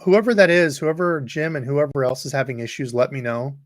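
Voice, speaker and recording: A fishing channel host with a mid-range voice talks a little fast during a livestream, rambling casually and reading out viewer comments. The audio is studio quality, with no echo.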